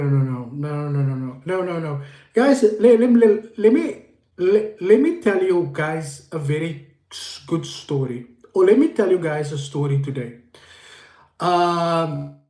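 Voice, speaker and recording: A man's voice: a little high, a little mellow. A man hosting a casual livestream, greeting viewers by name and repeating himself as he rambles. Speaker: livestream host. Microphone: phone. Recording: echoey room.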